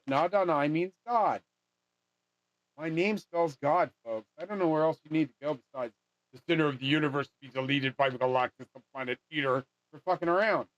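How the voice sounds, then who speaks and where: A man in a fairly high register rambles through a casual monologue, trailing off and restarting his thoughts. He swears freely as he goes. The recording is dry and dull, with a lo-fi edge. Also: no room sound. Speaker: vlogger making a money charm.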